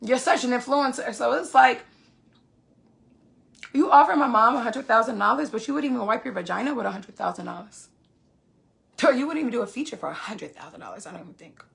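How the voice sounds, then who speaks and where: A woman's voice: fairly high pitch, expressive, fairly quick, gravelly. A woman, telling a story on a phone livestream in a profane, emphatic way. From Queens, New York. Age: 20s. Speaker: live streamer.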